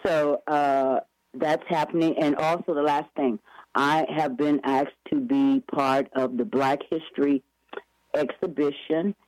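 A man's voice: a little high, steady tone, a little slow, darkish tone, no echo, rough recording. A man chatting eagerly as an interview guest, rambling with many restarts and self-corrections. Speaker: guest promoting upcoming events. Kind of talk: casual radio interview chat.

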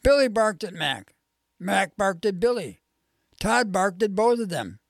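A casual reader reading a children's chapter book aloud at a mid pitch. The recording is dry and close, with no room sound. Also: big pitch swings, a little slow, gravelly, no room sound. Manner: casual, laughs between lines.

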